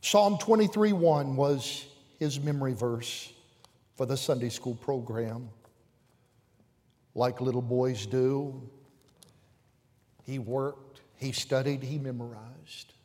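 Male pastor, mid-range voice, unhurried sermon delivery from fervent to hushed, long church-hall reverb. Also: medium pitch. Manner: preaching with rising fervor and hushed appeals. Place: church sanctuary with pews.

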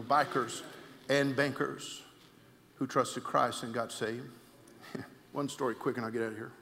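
A male pastor, preaching a sermon with shouted emphasis and telling comic anecdotes. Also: medium pitch. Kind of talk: sermon with storytelling. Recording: long hall reverb.

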